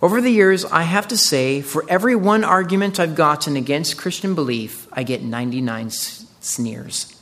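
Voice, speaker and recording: A man delivering a sermon with a fairly high voice. He talks earnestly, building toward emphatic, mocking quoted lines as he explains the passage. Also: gravelly, fairly bright tone. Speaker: pastor.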